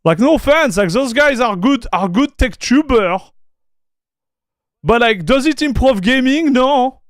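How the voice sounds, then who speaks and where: A man, livestreaming and reacting to a video in excitable, slangy chat. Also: extremely high pitch, a little slow, no echo, studio quality. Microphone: streaming desk mic.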